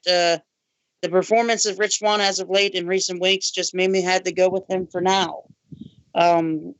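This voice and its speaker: A man's voice: high voice, no room sound, rough recording. A man co-hosting a podcast, earnest and hesitant with lots of fillers, from the Baltimore area. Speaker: podcast co-host. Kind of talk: casual chat.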